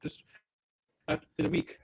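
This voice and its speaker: A man hosting a casual chat, relaxed and laughing easily along with his guest. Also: unhurried, slight background noise. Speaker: host.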